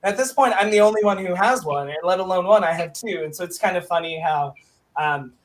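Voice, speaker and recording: High-voiced young man telling a funny story. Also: brisk. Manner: animated, self-mocking, lots of fillers. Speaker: guest. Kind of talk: casual storytelling chat.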